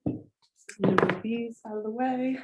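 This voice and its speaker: A woman's voice: on the high side, fairly even intonation, normal speed, dull audio, noisy background. Tearful, chatty woman hosting a card-reading vlog. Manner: chatty and heartfelt, speaking straight to viewers. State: emotional and tearful. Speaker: spiritual coach and host.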